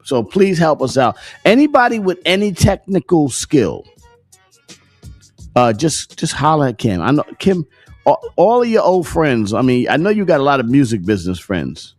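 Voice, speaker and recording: A man's voice: fairly high pitch, sing-song, normal speed, a little mellow. A man hosting a casual morning livestream, joking, swearing and laughing often, with faint music behind him. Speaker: host.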